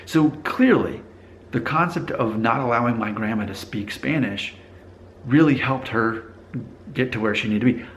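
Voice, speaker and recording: A man's voice: medium pitch, normal speed, a bit bright, dull audio, slight background noise. A man vlogging in a conversational, explanatory way, thinking aloud and restarting sentences as he goes. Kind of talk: casual talking-to-camera monologue.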